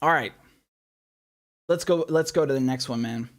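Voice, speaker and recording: A man's voice: mid-range voice, normal speed, pauses often. A man hosting a political commentary show, ranting with anger and profanity, often repeating himself, then mocking headlines sarcastically. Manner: angry, profane, repetitive ranting.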